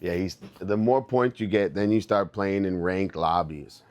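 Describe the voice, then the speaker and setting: Laid-back young man streaming, slow and low. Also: darkish tone. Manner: loose, rambling, laughs often, addresses chat as dude and bro. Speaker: livestreamer. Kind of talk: casual stream chat.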